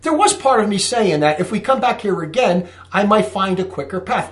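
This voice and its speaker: Animated New Jersey man, lively high voice. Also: a little fast, few pauses, echoey room. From Newark, New Jersey. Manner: animated, self-interrupting, acts out dialogue. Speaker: storyteller recounting a hike. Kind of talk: casual storytelling talk.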